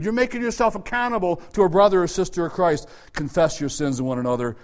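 A middle-aged man preaching a sermon at a church service, swinging from loud, emphatic urging to low, quiet asides. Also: quick pace, few pauses. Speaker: pastor.

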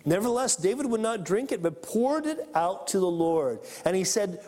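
A man preaching a sermon and reading scripture aloud, animated, acting out the people in the story. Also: sits high, normal speed, few pauses. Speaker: pastor. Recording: long hall reverb.

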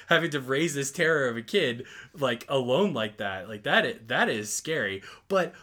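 Sex: man. Role: podcast co-host. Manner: animated, exasperated. Tone: bright. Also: medium pitch, normal speed, few pauses. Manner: animated, exasperated, lots of fillers. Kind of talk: casual movie review chat.

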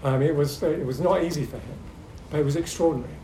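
Middle-aged guy telling stories at a seminar, lots of ums, fairly high voice, roomy echo. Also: fast talker. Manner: hesitant, with many ums and restarts; lively storyteller. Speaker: seminar speaker. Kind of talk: anecdotal talk to a seminar audience. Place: echoey meeting room. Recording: echoey room with faint hum.

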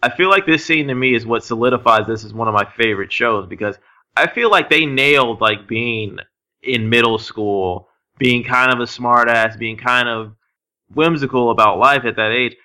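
A man co-hosting a casual podcast muses out loud and laughs often. His voice has a bright, sharp edge at a middle pitch, and he fills his sentences with hedging fillers. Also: normal speed. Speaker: podcast co-host.

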